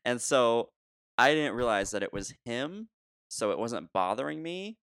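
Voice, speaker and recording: A man telling a long story in casual chat, animated, laughing often and restarting sentences. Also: medium pitch, measured pace, no echo, studio quality. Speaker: podcast co-host telling a story.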